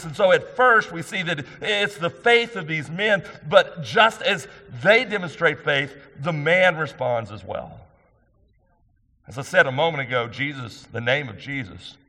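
A pastor delivers an earnest, emphatic sermon full of rhetorical questions. His voice is fairly high in pitch, pushed and bright, and it echoes through a reverberant hall.

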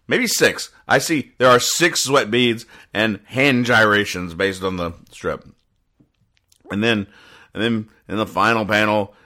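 A man reviewing comic strips in casual commentary, rambling and sighing as he explains each joke deadpan. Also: lowish voice.

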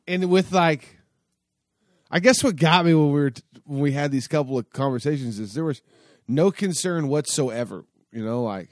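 A man's voice: fairly high pitch, normal speed, dry recording, clean studio sound. A man telling a long casual story in a rambling, profane way, full of fillers and restarts. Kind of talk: casual spoken anecdote.

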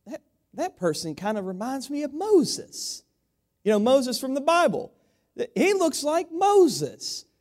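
A man doing a comic impression of a puzzled American president in a slow, squeaky, incredulous voice. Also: sing-song, darkish tone, heavily acted. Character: high-pitched drawling George W. Bush impression, puzzled.

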